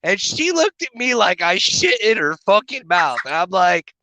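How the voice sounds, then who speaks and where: A middle-aged man co-hosting a podcast, telling rambling, profane anecdotes in casual chat and slipping into animated voices when he quotes people. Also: high-pitched, normal speed, few pauses, poor audio. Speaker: podcast co-host. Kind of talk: crude casual storytelling.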